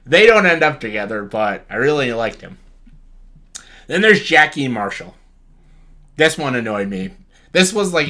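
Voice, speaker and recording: A man talks straight to camera in an easygoing, rambling way, throwing in curse words and chuckles as he goes. His voice has a bright, forward edge at a middling pitch. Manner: rambling, profane, enthusiastic, laughs often. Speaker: YouTuber reviewing a reality show. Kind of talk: casual chat.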